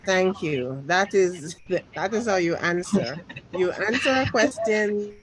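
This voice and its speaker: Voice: medium pitch, slow pace, fairly bright tone, a little hiss or hum, poor audio. A trading teacher leading a live lesson, drilling questions and repeating them until the student answers firmly.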